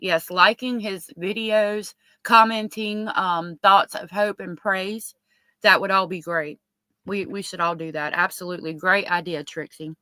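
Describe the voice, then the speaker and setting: A woman's voice: on the low side, bright, forceful tone, dry recording. A woman hosting a casual livestream, reading chat messages aloud and chatting with lots of ums. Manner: chatty, filler-heavy with many ums. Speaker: livestream host.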